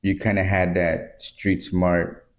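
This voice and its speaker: A Texan man with a low, deep voice chatting casually as a podcast co-host. He speaks in a laid-back, halting way, feeling for his words. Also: flat delivery. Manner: laid-back, hesitant, lots of fillers and agreement. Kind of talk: casual chat.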